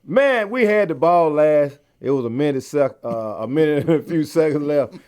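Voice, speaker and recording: A man's voice: a little high, animated, moderate pace, darkish tone, clear, resonant tone. A man co-hosting a sports podcast in casual banter, heated trash talk, dropping "man" again and again. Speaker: podcast co-host.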